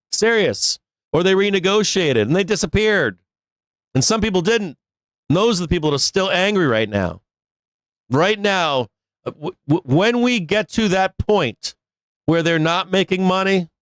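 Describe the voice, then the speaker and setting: A man's voice: sits high, fairly bright tone, no echo. Blunt, profane man ranting. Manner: blunt, profane and laughing, with frequent restarts. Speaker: host of a live stock market show. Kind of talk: casual live-stream rant.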